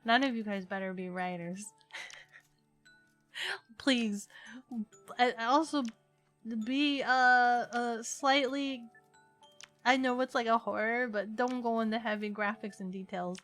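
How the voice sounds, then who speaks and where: A young woman chatting playfully on a livestream, excitable and quick to burst into laughing shouts. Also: on the high side. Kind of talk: casual stream chat. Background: faint music.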